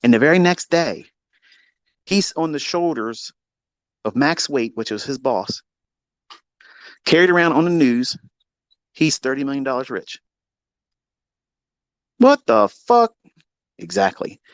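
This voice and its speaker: A man hosting a live audio chat, telling a long story in a profane, mocking, animated way. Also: mid-range voice, unhurried, long pauses, no echo. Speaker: Twitter Space host. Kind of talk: casual storytelling rant. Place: lives in Maryland.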